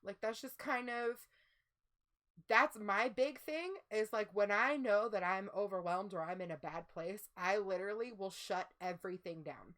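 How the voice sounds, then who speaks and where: A woman talks casually as co-host of a livestream. Her speech rambles and circles back, full of "like" and "you know." Her voice sits at an ordinary middle pitch. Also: normal speed, a bit bright. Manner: rambling, heavy use of "like".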